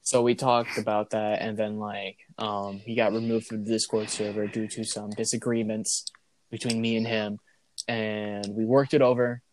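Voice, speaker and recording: A man's voice: on the low side, flat delivery, moderate pace, a little hiss or hum. A man hosting a casual podcast, talking in an easygoing way and steering the chat back on topic. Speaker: podcast host.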